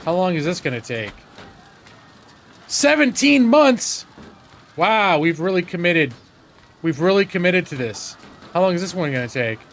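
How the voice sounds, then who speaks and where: A man's voice: on the high side, animated, fairly quick, a bit bright, slight background noise. A man casually commenting while he plays a strategy game live, swearing now and then and talking to his chat. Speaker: streamer playing a strategy game.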